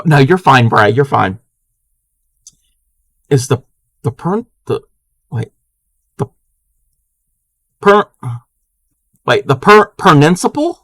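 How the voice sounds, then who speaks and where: A playful man hosting a live crafting stream, chatting loosely with his viewers and laughing as he goes. His voice sits a little high and swings widely in pitch, with a bright, forward edge. The sound is close and dry. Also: no echo. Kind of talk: casual live-stream chat, reading viewer comments.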